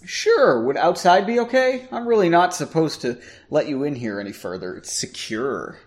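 A man's voice: on the high side, expressive, normal speed, lightly acted. A man voicing a guarded man who coldly refuses to help in a read-aloud story. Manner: curt, cold.

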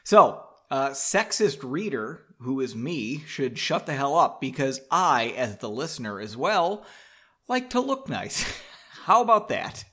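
A man's voice: medium pitch, big pitch swings, a little slow, bright, forceful tone, breathy edge. A man casually reading his own book aloud, mocking his writing and swearing freely.

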